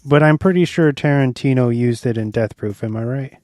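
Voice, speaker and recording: Easygoing mellow-voiced man talking movies. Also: mid-range voice, no echo, clean studio sound. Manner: easygoing, quick to laugh, retells scenes with quotes. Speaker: podcast guest. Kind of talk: casual film review chat.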